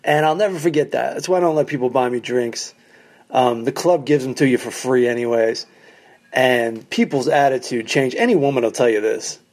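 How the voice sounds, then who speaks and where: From a condo basement, a stand-up comedian and podcast host tells a story as a casual solo monologue, wry and profane. Speaking at medium pitch and moderate pace, he is animated and acts out quoted people in raised voices.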